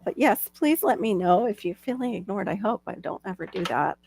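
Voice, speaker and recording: A woman's voice: mid-range voice, animated, brisk, vocal fry, darkish tone, slight background noise. A woman in her forties, the host of a live stream, from Florida, chatting casually and laughing often. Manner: chatty, laughs often, reads side chat aloud.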